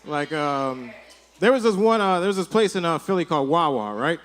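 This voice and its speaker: A man's voice: fairly high pitch, expressive, a little fast, a bit bright, slight background noise. A male stand-up comedian doing a rambling set on a comedy club stage, speaking into a handheld mic and checking in with "right?" again and again.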